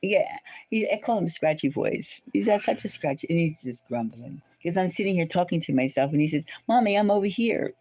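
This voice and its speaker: A woman's voice: sits low, animated, brisk, mellow. A woman hosting a live stream, chatting casually with viewers in a rambling way and repeating phrases over and over.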